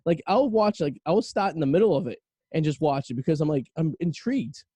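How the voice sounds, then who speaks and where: A man's voice: fairly high pitch, a little fast, husky, no echo. A man in his thirties hosting a podcast, chatting casually and animatedly acting out stories. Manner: animated storyteller acting out quotes. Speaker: podcast host. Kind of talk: casual chat.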